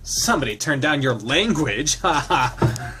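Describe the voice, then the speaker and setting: A man voicing a short, cheerful male lynx who scolds primly and gets indignant, in a raised, brighter voice. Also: on the high side, lively intonation, unhurried, over music. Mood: prissy indignant. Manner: prissy, scolding, upbeat.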